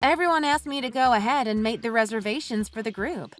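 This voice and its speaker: A woman's voice: fairly high pitch, brisk, faint music behind, close to an everyday voice. A woman voicing a patient young mother in a texting story voice-over, speaking in an earnest, conciliatory way. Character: patient young mom, hurt but polite.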